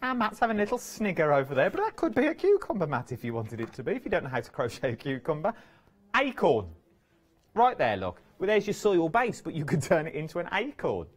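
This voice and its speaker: A man's voice: fairly high pitch, brisk, breathy edge. A man presenting crafts on a live TV shopping channel, chatty and playful. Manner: chatty, playful, lively banter. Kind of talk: live TV sales chat. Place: TV studio.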